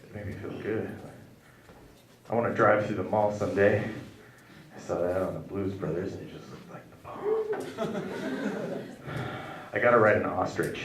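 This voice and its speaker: A man performing a stand-up comedy set, telling absurd stories in a deadpan way and acting out the voices in them. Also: fairly low pitch, normal speed, long pauses. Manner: deadpan absurd storytelling, acts out quoted voices. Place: comedy club stage. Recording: echoey club recording from far off with crowd. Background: audience laughter.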